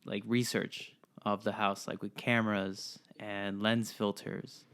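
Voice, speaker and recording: A man's voice: fairly low pitch, flat delivery, slow, fairly bright tone, clear, resonant tone. A young man co-hosting a podcast, casually recounting a horror film scene. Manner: laid-back, many short agreements. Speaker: podcast co-host. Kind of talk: casual movie recap chat.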